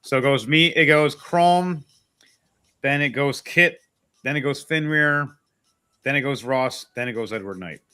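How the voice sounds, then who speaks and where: Bright-voiced man running a tabletop game. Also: mid-range voice, measured pace, clean tone. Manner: chatty, explains rules, laughs easily. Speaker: game master.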